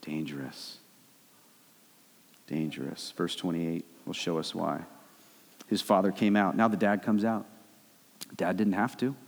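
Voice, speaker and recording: A young adult male pastor preaching a sermon, with animated swings between loud, high bursts and low, quiet stretches. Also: moderate pace, vocal fry, long pauses. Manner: animated preaching, rising and dropping sharply. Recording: long hall reverb.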